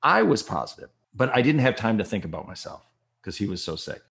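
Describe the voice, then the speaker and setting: A man telling a personal story in an interview, earnest, and quick and agitated when reliving tense moments. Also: fairly low pitch, very animated, gravelly, fairly bright tone. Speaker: guest recounting a personal experience.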